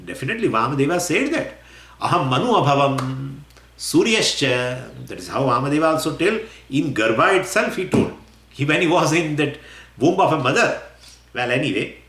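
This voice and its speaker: A man's voice: fairly high pitch, normal speed. Man giving an echoey scripture talk. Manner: animated, voices imagined questions, chuckles often. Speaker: spiritual teacher. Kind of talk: scripture lecture. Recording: roomy echo.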